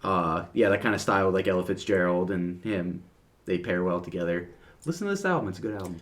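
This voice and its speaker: Low-voiced laid-back male podcast co-host. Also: expressive, fast talker. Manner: easygoing, laughs often, trails off with fillers. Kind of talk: casual chat about music.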